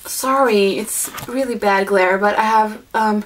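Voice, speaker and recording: A woman chatting casually at home while unboxing a gift package. She gushes excitedly and fills her talk with fillers and apologies. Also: medium pitch, measured pace, a little hiss or hum. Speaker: vlogger opening a gift swap package. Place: at home indoors, in the evening.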